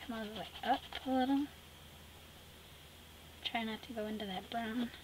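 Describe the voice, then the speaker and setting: A middle-aged woman hosting an art tutorial, chatty and teasing, narrating as she paints and dropping into soft whispered asides. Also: a little high, moderate pace, noisy background.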